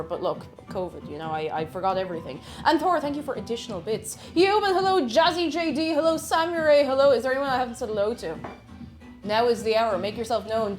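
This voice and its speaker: A woman streaming live, chatting casually and reading out viewer messages in a bubbly, sing-song way. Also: on the high side.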